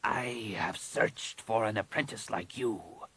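A man voicing a cold, scheming alien woman, a master shaper, with a measured, partly whispered delivery in an audiobook reading. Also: lowish voice, big pitch swings, gravelly, a bit bright, slightly rough, exaggerated voice. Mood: menacing, hushed. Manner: measured and commanding.

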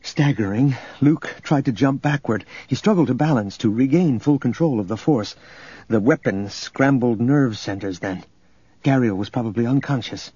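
A man reading a story aloud as narrator, in a steady, measured way. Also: mid-range voice, breathy edge, dry recording. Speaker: audiobook narrator. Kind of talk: scripted narration. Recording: dull lo-fi recording, faint music.

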